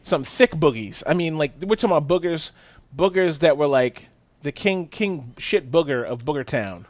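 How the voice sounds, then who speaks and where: A man co-hosting a casual podcast, telling a profane, animated story and jumping his voice up for the punchlines. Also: on the high side, normal speed, no echo. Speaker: podcast co-host.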